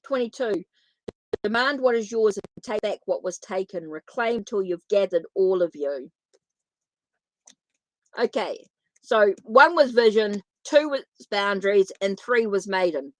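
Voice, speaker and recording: A woman's voice: medium pitch, animated, measured pace, dry recording. A woman doing a live tarot reading, talking in a chatty, informal way straight to her viewers. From New Zealand. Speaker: tarot reader.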